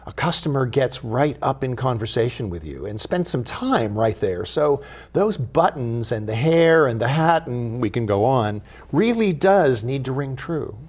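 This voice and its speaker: A man hosting a televised talk segment, speaking at an ordinary middle pitch. He explains history in a measured, professorial manner. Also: animated, darkish tone. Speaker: guest host and living historian. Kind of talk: studio TV talk.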